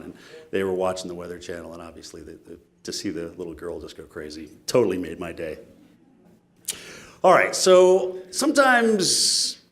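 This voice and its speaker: A man giving a keynote speech, telling stories in an animated, self-mocking way. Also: on the low side. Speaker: keynote speaker.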